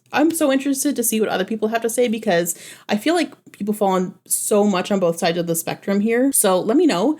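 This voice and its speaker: A woman's voice: a little high, a little mellow. A woman vlogging about books in a casual, gushing, enthusiastic way, full of "like" and "oh my gosh". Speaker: book vlogger. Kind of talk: casual chat to camera.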